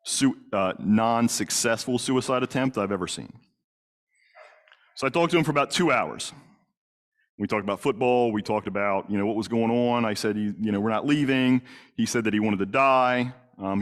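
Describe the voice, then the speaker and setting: A middle-aged man, a police detective, telling a story in a lecture, plain-spoken, with many fillers and restarts. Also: mid-range voice. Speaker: police detective and crisis negotiator. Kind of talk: lecture to a congregation audience.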